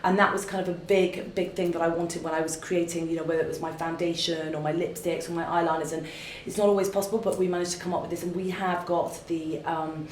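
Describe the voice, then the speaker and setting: A woman's voice: on the low side, fairly even intonation, quick pace, a little mellow, slight background noise. A woman, gushing and effusive as she answers fan questions in a live makeup demonstration from an office. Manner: gushing and effusive, full of fillers and restarts. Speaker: beauty brand founder answering fan questions. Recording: roomy echo.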